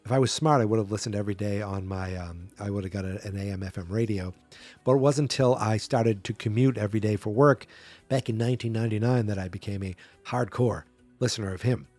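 A man's voice: on the low side, quick pace, a little mellow, no echo, soft background music. A man hosting a solo podcast, rambling through a movie in casual commentary and acting out quotes in a raised voice. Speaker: podcast host.

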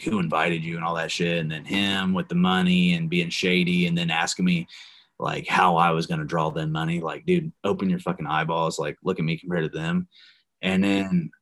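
A young man with a lowish voice tells a story in a casual, heated way. He swears constantly and talks freely. He sounds like a podcast guest going off on a rant. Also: a bit bright. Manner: profane, heated, swears often. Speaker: podcast guest, former wrestler.

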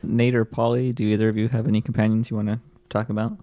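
A man's voice: fairly low pitch, little pitch movement, fast talker, warm tone. A man hosting a casual gaming podcast, putting questions to the other panelists. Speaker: podcast host. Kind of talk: casual chat.

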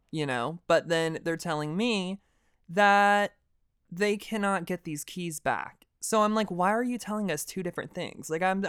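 A young man hosting a podcast, telling a personal story in a dramatic, animated way and swearing freely. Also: sits high, smooth, no echo, studio quality. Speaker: podcast host. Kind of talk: casual storytelling monologue.

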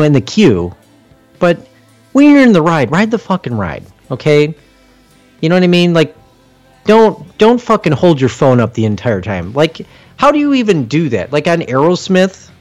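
A young man co-hosting a casual podcast, joking and cursing in lively banter. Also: fairly high pitch. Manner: animated, profane, joking banter. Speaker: podcast co-host.

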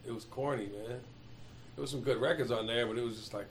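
A man from Michigan, USA, chats casually and tells stories at a fast clip in a medium-pitched voice, with slight background noise. He's an animated storyteller who swears heavily and acts out what people said.

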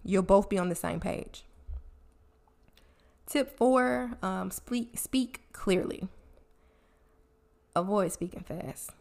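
A woman's voice: mid-range voice, slow pace, vocal fry, pauses often, darkish tone. A woman hosting a solo podcast, talking casually and chattily as she gives communication tips and admits her own habits. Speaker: podcast host. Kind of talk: solo podcast advice talk.

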